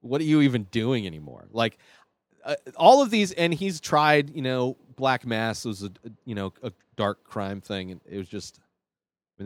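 Male podcast host, casual solo rant, blunt and rambling, mid-pitched, close dry mic. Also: dry recording. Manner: blunt, rambling, animated asides. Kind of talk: casual opinion monologue.

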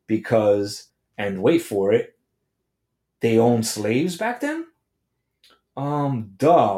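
A man's voice: on the low side, darkish tone, echoey room. A man hosting a podcast, telling a comedic story in a brash, profane rant. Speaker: podcast host. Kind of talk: comedic monologue.

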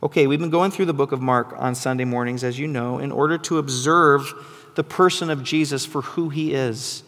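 A man's voice: medium pitch, normal speed, fairly bright tone, in a large hall. A man, a pastor, reading scripture aloud and preaching a Sunday sermon, breaking off to explain and teach. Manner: reads aloud with asides, teaching tone.

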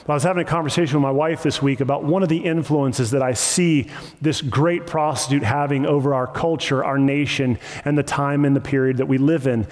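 A man's voice: mid-range voice, steady tone, brisk. A man preaching an impassioned sermon with emphatic repetition, recorded in a church sanctuary. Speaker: pastor. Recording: long hall reverb.

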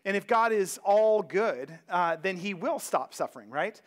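A man preaching a casual sermon as pastor, talking in a conversational and animated way with many asides. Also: high-pitched, a little slow. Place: church sanctuary.

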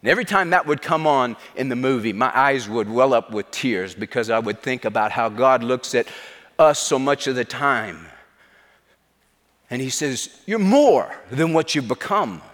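Emphatic preacher in a big hall. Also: male voice, mid-range voice, normal speed, a bit bright. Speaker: pastor. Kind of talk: sermon.

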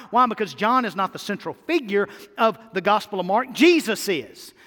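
Preaching in a large hall, a male pastor drives his sermon home by hammering the same key phrases again and again. His voice is high-pitched and a bit bright.

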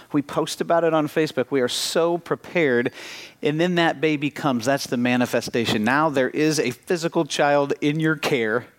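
Pastor in his thirties, mid-range voice, animated sermon storytelling. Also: medium pitch. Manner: animated storytelling with acted-out dialogue.

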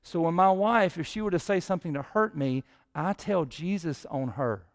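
A man preaching a sermon as pastor, his voice swelling louder and higher when he prays. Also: expressive, normal speed.

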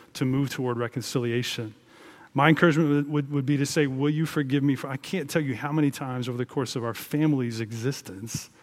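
A man preaching a sermon as a pastor, earnest and conversational, with emphatic rises in his delivery. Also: medium pitch.

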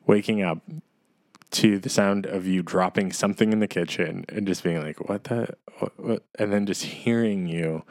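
Young man with a lowish voice. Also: moderate pace, no echo. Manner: animated storyteller, quotes others, laughs easily. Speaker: podcast host. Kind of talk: casual chat.

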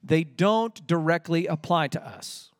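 A man preaching a sermon with a fairly high voice. He grows emphatic and rises in pitch when quoting scripture, then drops low to drive a point home. The sound is dry and close, with no room echo. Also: measured pace, clean tone. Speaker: pastor.

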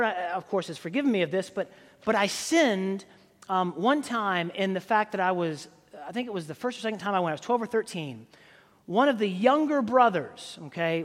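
A male pastor with a high-pitched voice delivers a sermon, loose and conversational, often restarting his sentences and filling pauses with "uh" and "you know". His voice rings with a long reverb from a church hall. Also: fairly bright tone. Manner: conversational storytelling with many fillers and restarts.

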